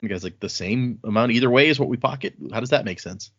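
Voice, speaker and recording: A husky man chats casually on a podcast, retelling a story's scenes and dropping into quick offhand quotes of the characters. He laughs easily as he goes, and the recording sounds somewhat dull and lo-fi. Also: mid-range voice, a bit bright. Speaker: podcast co-host. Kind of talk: casual book-club chat. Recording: dull lo-fi audio.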